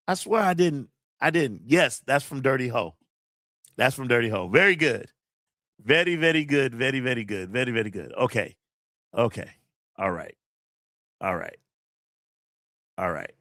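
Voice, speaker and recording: A man hosting a casual livestream, excitable, repeating phrases and talking to his chat. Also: mid-range voice, dry recording, clean studio sound. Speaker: livestream host.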